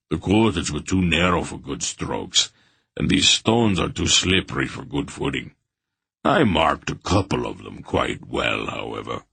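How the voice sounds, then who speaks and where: A man voicing a big, hearty male warrior who rumbles out his boasts about a street fight. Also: gravelly, fairly bright tone, husky, no room sound, heavily acted.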